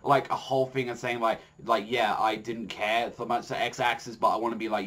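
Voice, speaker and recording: A man giving a casual spoken manga chapter review. He rambles with lots of fillers, swears freely and gets excitable. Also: fairly quick, few pauses. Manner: excitable, jumps in pitch when enthused.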